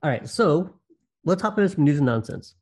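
Mellow-voiced podcast host man. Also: fairly high pitch, animated, a little fast. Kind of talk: casual chat.

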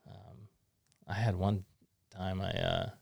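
A middle-aged man hosts a casual interview in an easygoing, rambling way. His voice sits fairly low and has a gravelly fry to it. He is recorded close, with a dry sound. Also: flat delivery, slow pace, darkish tone, dry recording. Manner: easygoing, rambling, thinks aloud with fillers. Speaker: podcast host.

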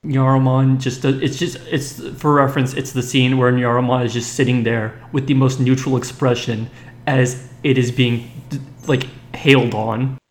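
A man chatting casually on a podcast, halting and searching for words. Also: mid-range voice, level tone, roomy sound. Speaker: podcast co-host.

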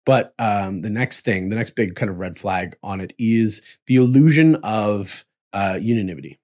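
A man hosting a casual chat about tabletop roleplay, chatty and quick to laugh. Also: on the low side, a little mellow. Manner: chatty, laughs often, slips into playful voices. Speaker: podcast host, dungeon master.

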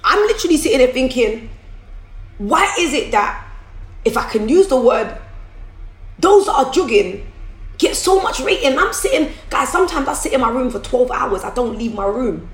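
Speaking from a room at home, a business owner who vlogs talks candidly and motivationally to her viewers about running her business, often repeating herself and restarting. Her voice sits high with a sing-song quality at a moderate pace, and the audio is poor and reverberant.

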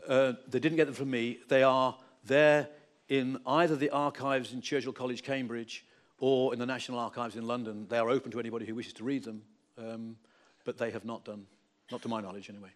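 A man's voice: medium pitch, fairly even intonation, brisk. Man, author giving a talk, wry storyteller, emphatic, lecture hall. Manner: wry, anecdotal, with a lot of emphasis. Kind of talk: lecture with audience Q&A.

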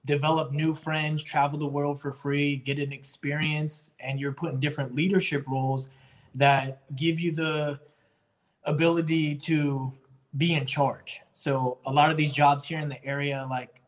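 A young Marine sergeant from North Carolina, answering interview questions earnestly and at a measured pace. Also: male voice, on the high side, flat delivery. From Jacksonville, North Carolina.

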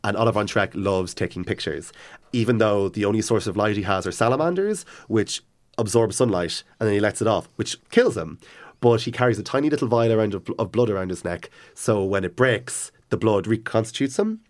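Low-voiced man retelling a book excitedly. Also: fairly quick. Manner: enthusiastic, rambling retelling with many restarts. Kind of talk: casual chat about books.

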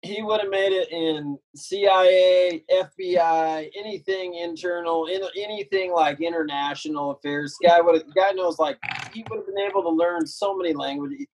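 A man's voice: high-pitched, moderate pace, hardly any pauses, a little mellow, rough recording. A man chatting casually with friends and family, chiming in with short reactions and praise. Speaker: family member in the conversation. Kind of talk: casual chat.

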